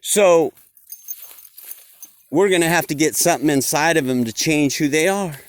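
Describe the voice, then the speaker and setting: A man voicing scheming planners who calmly lay out a plot to control people. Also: a little high, normal speed, voice pushed up, close to an everyday voice.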